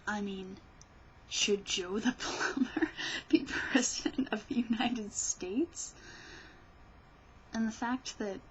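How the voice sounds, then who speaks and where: A woman's voice: medium pitch, takes it slowly, husky, dull audio. A woman vlogger ranting about politics in a rambling, sarcastic way, often restarting her sentences. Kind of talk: casual political rant.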